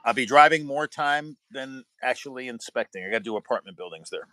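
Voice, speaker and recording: A man's voice: medium pitch, lively intonation, fairly quick, pushed and bright, dry recording, poor audio. A man who works as a building inspector, chatting casually and rambling through road stories. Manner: rambling storyteller, retells anecdotes with quoted voices. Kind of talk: casual chat.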